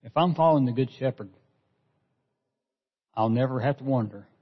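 A man's voice: medium pitch, normal speed, husky. A man preaching a sermon as pastor, earnest, often repeating a word as he restarts a phrase. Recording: dull lo-fi sound with long hall reverb.

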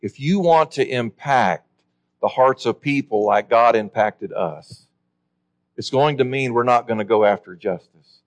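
A man preaching a sermon in an earnest, emphatic way, slowing down to stress key words. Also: medium pitch.

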